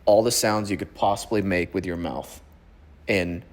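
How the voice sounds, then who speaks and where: A man's voice: deep voice, steady tone, normal speed. A man from Oklahoma, an actor and podcast guest, chatting casually, explaining things at length and dropping dry one-liners.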